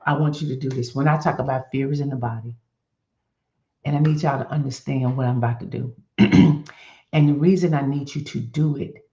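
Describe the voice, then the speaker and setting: A woman hosting a faith-based wellness stream, talking straight to her viewers and coaching them through an exercise in a lively, animated way. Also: a bass voice, reverberant, highs cut off. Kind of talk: live-stream coaching talk.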